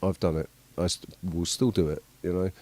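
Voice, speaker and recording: Man, casual host chat, rambling, halting, deep voice, dry sound. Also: steady tone, a little mellow, dry recording.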